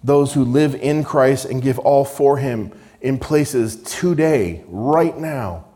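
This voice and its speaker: A man's voice: mid-range voice, takes it slowly, dark tone. A man preaching a sermon, reading scripture with rising emphasis and touches of dry sarcasm.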